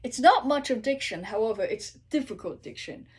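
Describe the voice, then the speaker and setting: A woman and native English speaker teaching how she practices an aria, who breaks into slow sung Italian phrases and asks "okay?" again and again. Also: on the high side, animated, breathy edge. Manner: repeats sung Italian phrases slowly, checks in with "okay?" constantly. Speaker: singer teaching her practice method. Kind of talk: casual vocal tutorial.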